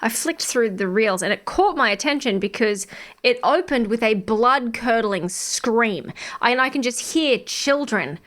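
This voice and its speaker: Animated, swearing woman storyteller. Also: fairly high pitch, unhurried. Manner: animated storytelling, acts out quotes, laughs often, swears. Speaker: podcast co-host. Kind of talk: casual chat.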